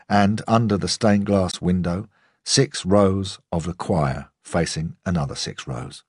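A male narrator reads a first-person novel in a measured, understated way. His voice is very low and husky. The recording is close and dry. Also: dry recording. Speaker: audiobook narrator.

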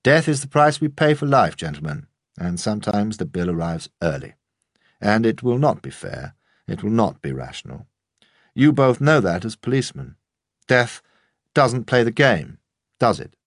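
A man's voice: lowish voice, big pitch swings, moderate pace, dry recording, studio quality, pitched above the performer's own voice. A man playing a blunt, grimly commanding army captain in an audiobook.

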